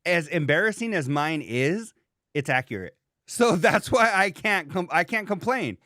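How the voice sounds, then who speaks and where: A man's voice: high-pitched, lively intonation, measured pace, bright, forceful tone, no echo, clean studio sound. Man ranting through a casual podcast story. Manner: profane, storytelling rants with quoted dialogue. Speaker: podcast host.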